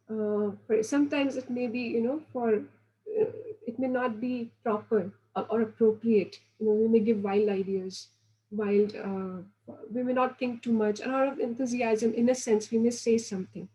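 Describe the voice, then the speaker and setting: A woman's voice: fairly high pitch, fairly even intonation, moderate pace, mellow, rough recording. A woman giving a devotional lecture, earnest and instructive, often restarting phrases and acting out quoted voices. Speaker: spiritual teacher.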